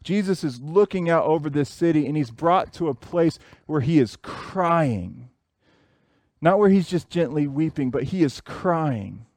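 A man's voice: on the high side, animated, measured pace, a little mellow, no room sound. A man in his thirties preaching a sermon, earnest and repeating phrases for emphasis. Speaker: pastor.

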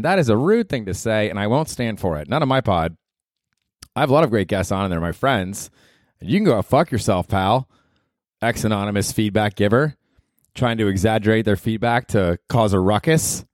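Man, young adult, podcast host, self-mocking rambling, lowish pitch, dry sound. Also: lively intonation, normal speed, dry recording. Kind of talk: solo comedy podcast monologue.

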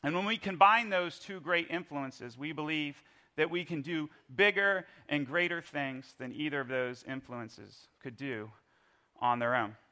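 Animated, bright-voiced preacher man. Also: on the high side, a little slow. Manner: animated, playful storytelling. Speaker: pastor. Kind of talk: sermon.

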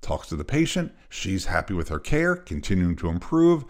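Brief: low-voiced man telling a story on his podcast, expressive, plays all the parts. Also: normal speed. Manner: animated storyteller, acts out voices. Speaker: podcast host.

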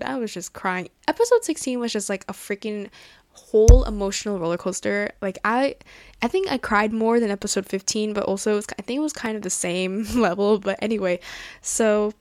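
A woman's voice: on the high side, dry recording. A young woman hosting a casual show, gushing and rambling emotionally with many restarts. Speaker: podcast host. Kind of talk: casual chat.

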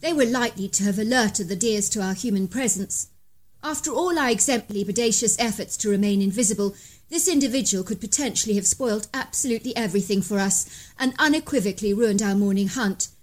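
Expressive woman reading a story aloud. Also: medium pitch, fairly quick. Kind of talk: scripted narration of a bedtime story.

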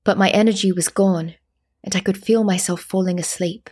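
A woman reading a story in the first person, with a calm, steady reading manner. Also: medium pitch, normal speed, breathy edge. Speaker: narrator.

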